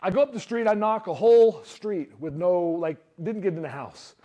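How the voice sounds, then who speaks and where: A man giving a motivational talk to a live audience, telling his story in an animated way and acting out what others said. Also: high voice, moderate pace. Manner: animated storyteller who acts out quotes. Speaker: speaker.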